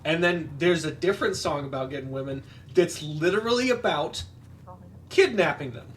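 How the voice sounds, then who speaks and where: A man's voice: a little high, expressive, moderate pace, a bit bright, recorded from a distance. A man with a slightly raised voice talks his way through a movie plot, full of ums and acted-out quotes. He sits a bit back from the mic. A faint background hiss runs under everything. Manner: rambling, filler-heavy retelling with quoted voices. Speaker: podcast co-host. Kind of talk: casual movie recap while gaming.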